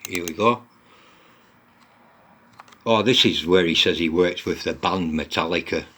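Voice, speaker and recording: Deep-voiced sweary, mocking man. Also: measured pace, sharp tone. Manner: blunt, mocking, heavy swearing. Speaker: commentator reading and mocking online posts. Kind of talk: casual sweary commentary.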